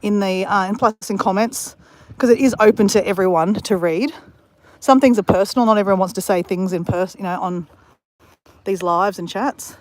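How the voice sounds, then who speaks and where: This is a dry recording of an Australian woman with a mid-range voice and moderate pace. Hosting a laid-back livestream near a beach outdoors, she rambles, tells stories, and talks right to her chat.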